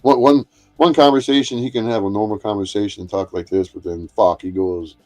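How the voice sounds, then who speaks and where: A man's voice: fairly low pitch, steady tone, fairly quick, a little mellow, faint music behind. Profane, confrontational man ranting. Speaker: livestream host. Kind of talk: angry ranting monologue.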